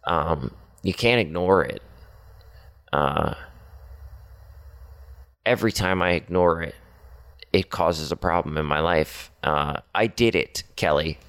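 A man with a very low voice talks through a personal confession, stopping and restarting often and leaning on fillers. His tone stays earnest and direct as he speaks to someone close to him. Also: takes it slowly, long pauses, fairly bright tone, clear, resonant tone. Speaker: podcaster speaking to his partner.

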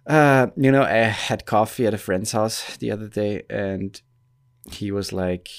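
A man's voice: lowish voice, fairly even intonation, measured pace. A man co-hosting a relationship podcast, chatting casually, joking and rambling with lots of fillers. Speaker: podcast co-host.

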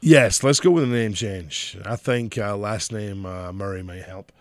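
A middle-aged man with a softened Scottish accent, swearing and laughing through casual podcast banter. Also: lowish voice, measured pace, no room sound, studio quality. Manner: crude, swears a lot, laughs often. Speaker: podcast co-host. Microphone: studio podcast mic.

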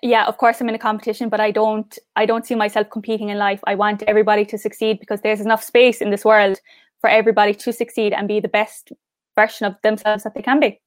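A woman's voice: mid-range voice, little pitch movement, fast talker, no echo, studio quality. A young woman with an Irish accent, a guest in a casual interview, chatty and upbeat with lots of "like" and "I suppose". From Ireland. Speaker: interview guest, pageant finalist.

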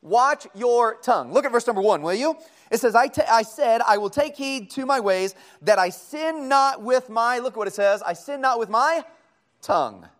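Preacher, male, unusually high voice, folksy and chatty, quizzes the congregation as he teaches. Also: animated, moderate pace, a bit bright. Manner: folksy, conversational, asks the congregation questions. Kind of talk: sermon, Bible study.

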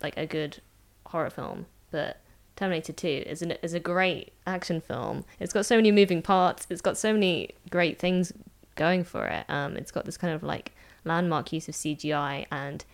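A woman's voice: deep voice, creaky. A woman co-hosting a podcast, giving her opinions on films casually and pushing back on her co-host. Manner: opinionated, argumentative. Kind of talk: casual film discussion.

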